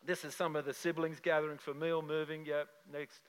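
An older man from Australia, a pastor telling a personal story to his congregation in an animated, conversational way with many restarts. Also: a little high, fairly quick, smooth, big-room sound, low-quality recording. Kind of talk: sermon with slide show.

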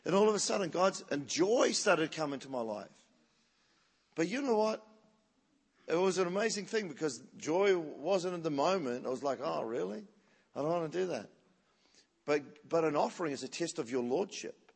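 A man preaching a story-driven sermon, animated and laughing, acting out what people said. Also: fairly high pitch, moderate pace, slightly rough. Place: church hall. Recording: long church-hall reverb.

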